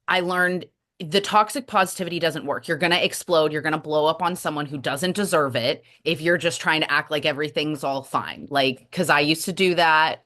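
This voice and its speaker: A woman's voice: low voice, a bit bright. A woman co-hosting a heartfelt chat, speaking candidly with many casual fillers. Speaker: co-host, stroke survivor advocate.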